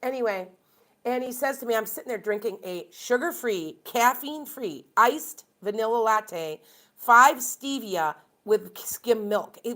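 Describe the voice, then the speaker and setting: A woman's voice: a little high, lively intonation, measured pace, a bit bright. A chatty woman from Wisconsin hosts a live stream as a tarot reader. She talks in a casual, rambling way and airs blunt opinions freely.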